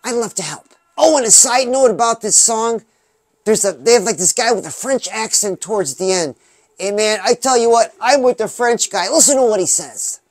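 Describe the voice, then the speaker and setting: A man's voice: sits high, lively intonation, no room sound. Upbeat motivational man, dry close sound. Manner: upbeat preachy pep talk with drawn-out "oh yeah"s. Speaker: music video reactor and motivational vlogger. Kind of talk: motivational talk.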